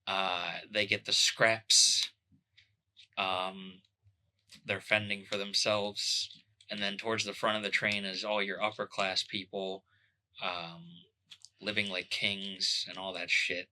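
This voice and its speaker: Deadpan man with a sharp, low voice. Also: takes it slowly. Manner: deadpan sarcastic, rambling with fillers. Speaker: podcast co-host. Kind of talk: casual chat.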